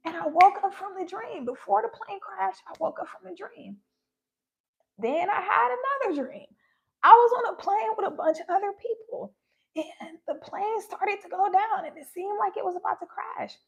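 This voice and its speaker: A young woman hosting a spiritual livestream, earnestly retelling personal dreams and signs with animated quoted lines. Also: very high voice, moderate pace, creaky, muffled recording. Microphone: phone livestream.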